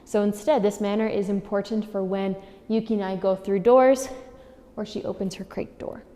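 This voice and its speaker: A woman's voice: mid-range voice, fairly even intonation, normal speed, dark tone. A woman who trains dogs, walking through a demonstration in a friendly, upbeat way. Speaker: dog trainer. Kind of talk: instructional demonstration. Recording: long reverb in a room.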